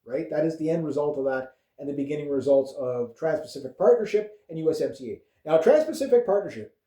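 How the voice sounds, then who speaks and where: A man's voice: on the high side, expressive, quick pace, dark tone. Rambling profane Canadian man, echoey room. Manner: rambling, profane, with frequent fillers and chuckles. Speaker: vlogger. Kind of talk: casual political rant.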